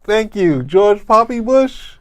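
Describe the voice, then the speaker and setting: A man's voice: high voice, lively intonation, takes it slowly. A man co-hosting a casual movie review, teasing and joking with the others. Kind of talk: casual film discussion.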